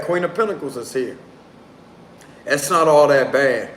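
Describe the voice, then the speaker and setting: A man's voice: medium pitch, animated, a little slow, fairly bright tone. A man doing a casual live tarot reading, talking in a loose, slangy way and prone to giggling. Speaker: tarot reader. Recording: roomy echo, faint background noise.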